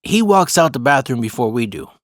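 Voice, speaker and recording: A man's voice: mid-range voice, sing-song, a little fast, no room sound, studio quality. A young man telling a rambling, profane restroom story in a casual storytime monologue, laughing as he goes. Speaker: vlogger.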